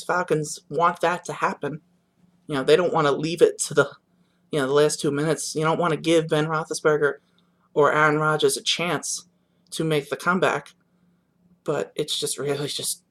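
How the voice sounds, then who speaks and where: A man's voice: fairly high pitch, fairly bright tone. Rambling young man reacting to football. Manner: rambling, many restarts and fillers, subdued and disappointed. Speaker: sports vlogger. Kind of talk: casual reaction monologue.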